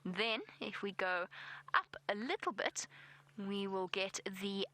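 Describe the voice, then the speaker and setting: A woman's voice: mid-range voice, animated, slow, bright, forceful tone, rough recording. A South African woman giving live safari commentary from an open vehicle outdoors, chatty and self-deprecating. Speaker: safari guide.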